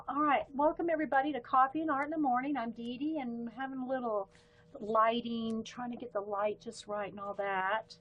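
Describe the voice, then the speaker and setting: On a casual live stream, a high-pitched woman with a light Southern US accent chats while demonstrating pens and markers, rambling and drifting off on tangents. The audio has its high frequencies cut off.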